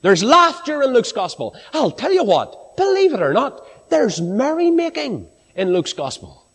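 A man preaching with a very lively, animated pitch that climbs high on exclamations and sinks to a near-murmur. His voice rings out with a long reverb, as in a large hall. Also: a little slow, slightly rough. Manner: animated, swinging from high exclamations to low hushed lines. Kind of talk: sermon.

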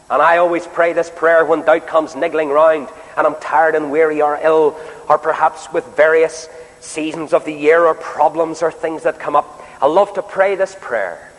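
Male preacher, emphatic sermon delivery with rhetorical questions, higher voice, long hall echo. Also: moderate pace.

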